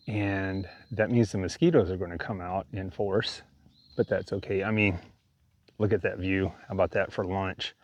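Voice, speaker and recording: Man, hiking vlogger, outdoor camera mic; low, unhurried, chatty gear demo. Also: dry recording. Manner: relaxed, chatty, demonstrating gear. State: breathing hard. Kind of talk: casual outdoor vlog narration. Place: outdoors by a lake in the woods.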